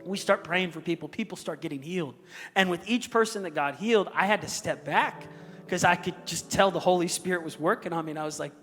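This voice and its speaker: A man's voice: high-pitched, brisk, fairly bright tone. A male pastor telling a personal story in an earnest, raw, confessional sermon. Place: church auditorium stage. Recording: echoey hall with music underneath.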